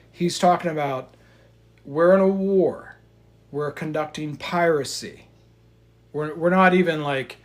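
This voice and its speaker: A man hosting his own channel, reacting bluntly to a video clip, rambling with profanity. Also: medium pitch. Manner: blunt, swearing, rambling asides. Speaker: commentary channel host.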